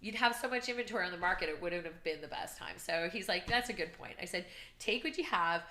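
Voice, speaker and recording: A woman, a real estate coach and podcast guest, chatting energetically and telling animated stories. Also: fairly low pitch, quick pace. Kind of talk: casual podcast chat. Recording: roomy echo.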